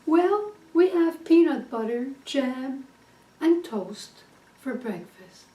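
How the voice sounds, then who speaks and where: A woman voicing a sad, anxious young wife who rambles on fretfully, with a high voice in an echoey room. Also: animated, slow pace, dark tone. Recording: echoey room, distant mic.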